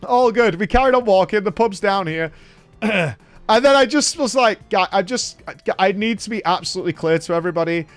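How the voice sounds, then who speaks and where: A man's voice: high-pitched, a little fast, no echo, soft background music. A man, hosting a casual podcast and telling a story with lots of swearing and laughter. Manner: animated, swears a lot, laughs through the story. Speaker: podcast host.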